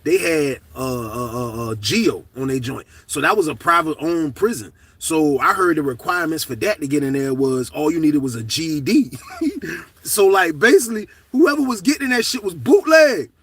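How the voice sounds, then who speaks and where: A middle-aged man telling a story to camera in a casual, profane, animated way, shouting at the high points. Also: moderate pace, breathy edge, distant mic.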